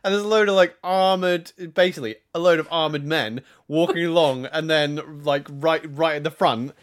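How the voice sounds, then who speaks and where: A man's voice: fairly high pitch, moderate pace. A man co-hosting a podcast, chatting casually and hesitantly with lots of fillers. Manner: hesitant, many fillers, laughs easily. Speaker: podcast co-host.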